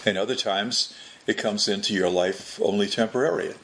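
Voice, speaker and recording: A man with a low, gravelly voice delivers a religious teaching at an unhurried pace. He often restarts his phrases and repeats words as he works through a point. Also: a bit bright, slight background noise. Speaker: Catholic preacher.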